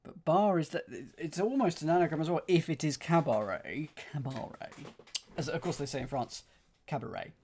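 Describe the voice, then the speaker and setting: A man's voice: a little high, brisk, few pauses, darkish tone. A man streaming himself solving a cryptic crossword, thinking aloud, repeating clues under his breath and counting out letters. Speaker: puzzle streamer.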